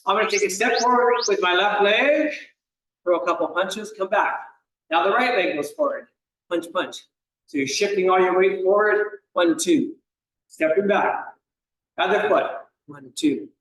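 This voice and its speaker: A fitness instructor leads an exercise class in a high, fairly bright voice at normal speed, sounding upbeat and encouraging. He counts reps and calls out moves, coughing slightly. The room is echoey and he is far from the mic.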